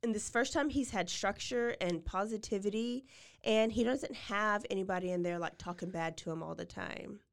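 A woman's voice: medium pitch, normal speed, vocal fry. A woman hosting a podcast, casually retelling a true-crime story with lots of fillers and acted-out quotes. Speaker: podcast host.

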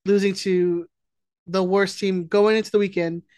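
A man's voice: high voice, little pitch movement, moderate pace, a little mellow, no echo, clean studio sound. A man co-hosting a podcast, chatting casually and teasing his partner. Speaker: podcast co-host. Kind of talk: casual chat.

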